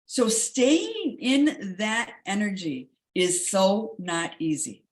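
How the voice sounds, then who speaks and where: Emphatic woman coach in mid pitch. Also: sing-song, slow, few pauses. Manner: emphatic, repeats key words. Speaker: wellness coach. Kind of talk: enthusiastic wellness talk.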